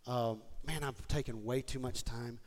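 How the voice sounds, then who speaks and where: A man preaching a sermon to his church, moving from quiet, personal talk to shouted, excited appeals. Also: medium pitch, a little slow. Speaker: pastor. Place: church sanctuary with congregation.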